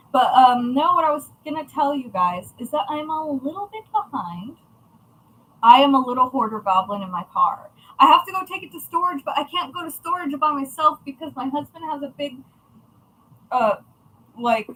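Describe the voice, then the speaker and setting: A woman's voice: sits high, bright, forceful tone, rough recording. A woman chatting casually on a livestream about her craft shop, chatty, profane and self-mocking.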